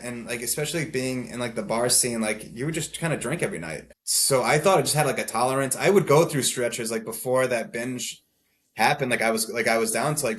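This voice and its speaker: A man in his late twenties, a podcast guest telling his own story in a loose, rambling way, packed with "like"s and short laughs. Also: mid-range voice. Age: 20s. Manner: rambling, many filler "like"s, laughs through dark moments. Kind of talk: casual storytelling.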